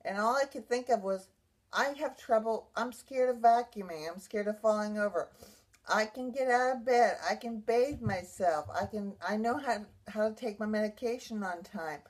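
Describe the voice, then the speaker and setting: A woman's voice: medium pitch, normal speed. A woman who survived a brain injury, telling her own story in an emotional, rambling way, with many restarts. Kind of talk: personal vlog monologue.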